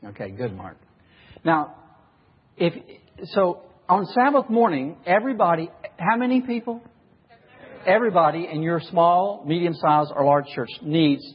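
A man with a slightly high, breathy voice gives a sermon, putting questions to the congregation and acting out examples. The audio is dull and carries long hall reverb.

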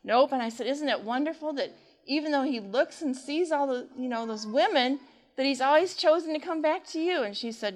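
A woman's voice: high voice, expressive, a little fast. A woman giving a sermon-style talk on faith and mental health, speaking conversationally, asking the audience questions and retelling counseling stories with quoted dialogue. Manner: asks the audience rhetorical questions.

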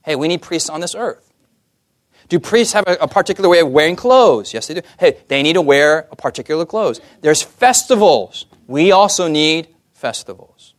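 A man's voice: a little high, lively intonation, normal speed. A young man preaching a sermon, often putting questions to the audience and asking for amens.

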